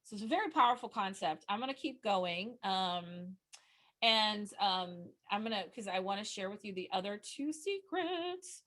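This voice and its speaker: A middle-aged woman giving a webinar presentation into a close microphone, earnest and chatty, often restarting her sentences and jumping up in pitch when excited. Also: normal speed. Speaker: nonprofit communication trainer.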